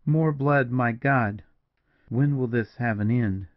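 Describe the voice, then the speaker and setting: A fragile, tearful young wife, put on by a male audiobook narrator, raised a little in pitch yet still gravelly, pleading and anguished. The dull lo-fi recording muffles her. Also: steady tone, unhurried, no room sound, natural voice.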